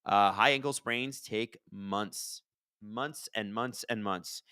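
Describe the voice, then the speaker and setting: Excitable man with a bright voice. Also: on the low side, slow pace, clean tone, no room sound, clean studio sound. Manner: excitable, reacts loudly to plays, chatty asides. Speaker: watch-along host. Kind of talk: live game watch-along commentary.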